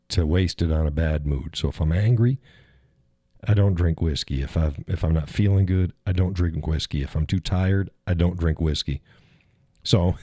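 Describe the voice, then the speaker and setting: A man's voice: low voice, warm tone, no echo, studio quality. A man hosting a casual livestream, rambling and chuckling as he answers viewers in the chat. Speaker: live stream host.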